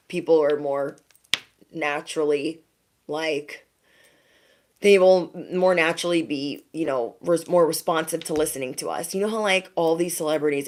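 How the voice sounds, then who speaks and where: Low-voiced woman giving a chatty tarot reading. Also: a little mellow. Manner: chatty, reassuring, frequent "okay?" and laughs. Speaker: tarot reader. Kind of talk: casual tarot reading to viewers.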